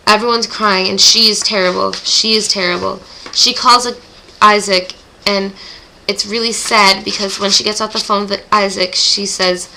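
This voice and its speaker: Gushing teen girl with a creaky voice. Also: medium pitch, steady tone, normal speed, bright, forceful tone, low-quality recording. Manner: gushing, emotional, groaning sighs. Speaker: book club vlogger. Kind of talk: casual chapter recap vlog.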